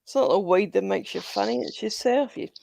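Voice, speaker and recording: Gravelly woman. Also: medium pitch, fairly quick, a little mellow, dry recording. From New Zealand. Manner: blunt, laughs often, swears. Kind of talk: casual group chat.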